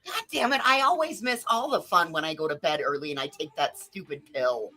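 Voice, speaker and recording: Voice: mid-range voice, expressive, brisk, bright, forceful tone, no room sound, soft background music. A panel guest in casual chat, reacting with blunt exclamations.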